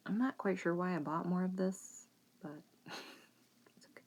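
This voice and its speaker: A woman's voice: lowish voice, a little slow, darkish tone. A woman in her thirties hosting a knitting podcast, talking casually and frankly and fretting a little. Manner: chatty, frank, fretful about the kids' schooling. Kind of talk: casual chat. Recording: faint background noise.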